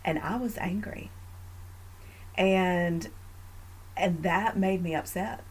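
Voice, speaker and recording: A woman hosting a faith podcast, talking in an earnest, reflective way with frequent fillers and growing animated in family stories. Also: fairly low pitch, takes it slowly, husky, low-quality recording. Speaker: podcast host.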